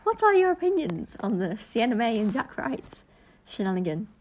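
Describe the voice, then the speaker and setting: Animated giggly teen girl. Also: a little high, slight background noise. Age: teens. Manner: giggly, animated, quick asides. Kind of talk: casual chat.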